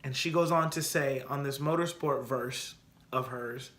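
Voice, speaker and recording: Opinionated man with a bright voice. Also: medium pitch, unhurried. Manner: opinionated, animated, repeats points for emphasis. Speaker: podcast host. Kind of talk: casual solo podcast commentary.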